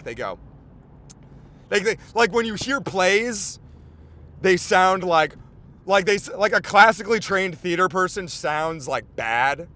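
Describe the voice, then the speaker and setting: A man hosting a podcast, rambling in casual chat with lots of swearing, fillers and excitable outbursts. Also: high-pitched, measured pace. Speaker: podcast host.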